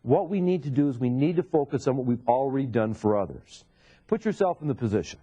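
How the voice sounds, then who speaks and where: A man's voice: medium pitch, lively intonation, fast talker, dark tone, breathy edge, dull audio. A man teaching real estate sales to a live seminar audience, often putting questions to the room and repeating key points. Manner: asks the audience rhetorical questions. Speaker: sales trainer. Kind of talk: seminar lecture.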